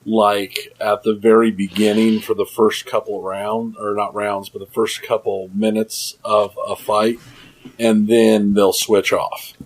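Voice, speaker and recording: Low-voiced man in casual podcast chat. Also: level tone, rough recording. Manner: easygoing, halting with restarts. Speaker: podcast co-host.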